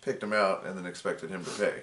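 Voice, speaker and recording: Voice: deep voice, fairly even intonation, fairly quick, fairly bright tone, reverberant. A co-host tossing in short, dry quips during a casual reality TV recap.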